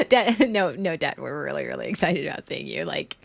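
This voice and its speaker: Slow, halting woman streamer, dry sound. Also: low voice, vocal fry, fairly bright tone, breathy edge, dry recording. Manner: halting and hesitant, many fillers and restarts; frank and self-deprecating. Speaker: livestream host. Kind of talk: candid casual livestream chat.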